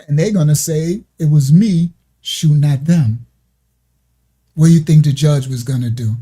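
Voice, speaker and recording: Husky, mellow-voiced man telling a story. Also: on the high side, normal speed. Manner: emotional, rambling, restarts dates and details. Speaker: ministry show host. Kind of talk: casual personal storytelling.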